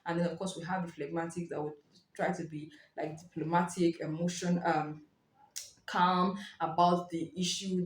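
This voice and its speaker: A woman giving a casual spoken book review, explaining in a lively way and acting out short reactions. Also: lowish voice. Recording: roomy echo.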